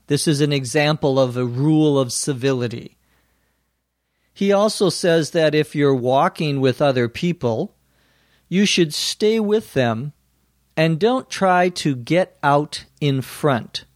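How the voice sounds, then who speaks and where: A male teacher explains English phrases to learners, speaking slowly and clearly. He sounds close to the mic in a dry room with no echo. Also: a little high. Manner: slow, clear explaining with acted example lines. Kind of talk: scripted explanation for language learners.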